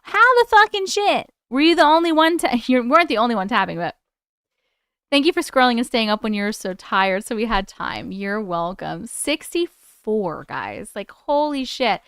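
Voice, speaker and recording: A young woman hosting a casual livestream, chatty and excitable with her viewers and swearing freely. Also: fairly high pitch, normal speed, clean tone, no room sound, clean studio sound. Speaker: livestream host.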